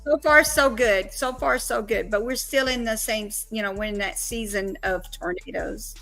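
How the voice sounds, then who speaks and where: A high, bright-voiced middle-aged woman from Louisiana, with a Southern American accent. She talks warmly and laughs easily, hosting a casual live stream over a video call. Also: moderate pace, gravelly, soft background music, low-quality recording. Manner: warm, laughing, easily surprised. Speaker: livestream host.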